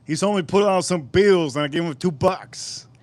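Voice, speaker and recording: A man's voice: sits high, normal speed, no echo. Rambling man hosting a live stream. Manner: rambling, animated storyteller. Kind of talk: casual live-stream chat.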